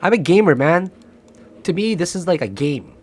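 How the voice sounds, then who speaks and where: Yelling and pleading at the chart as he trades, this man runs a live, excitable commentary full of swearing, swagger and jokes. His pitch is fairly high and he talks at a normal speed.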